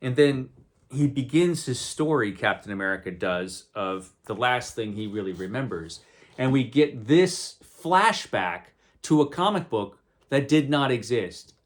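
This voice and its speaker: Lively-voiced man chatting about comics. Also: mid-range voice, a little slow. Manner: conversational, digressive, wry asides. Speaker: comic book reviewer. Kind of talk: casual spoken review.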